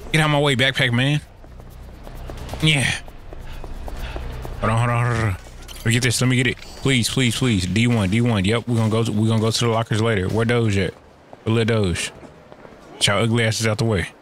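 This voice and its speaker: A man's voice: medium pitch, steady tone, a little fast, pauses often, slight background noise. A man giving loose, profane gameplay commentary, full of slang and playful trash talk aimed at the screen. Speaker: let's play gamer.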